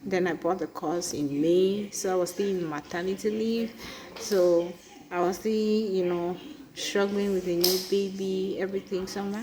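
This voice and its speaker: A woman from Cameroon with a Cameroonian accent, vlogging in a chatty way, often asking "right?" and filling pauses with "um". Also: medium pitch, fairly even intonation, noisy background. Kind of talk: casual personal vlog.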